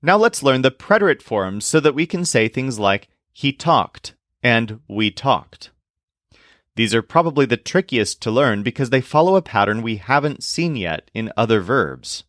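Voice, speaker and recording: A man explaining verb forms in a scripted language lesson, speaking slowly and deliberately and spelling words out. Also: mid-range voice, sing-song, a bit bright, dry recording, clean studio sound. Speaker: language teacher.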